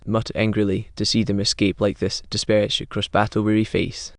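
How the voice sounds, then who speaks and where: A male recap narrator tells a dramatic story in clipped, terse fragments and reads every character's lines in his own voice. His voice sits a little low and stays flat and even in pitch. The recording is dry and close, with no room sound. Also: brisk, few pauses, dry recording.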